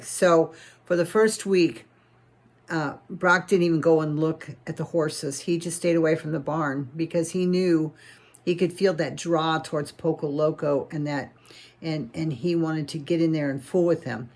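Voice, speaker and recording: A woman telling a children's story in a homespun, folksy manner, circling back and restarting phrases as she goes. Her voice sits somewhat low for a woman. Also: steady tone, measured pace, a little mellow.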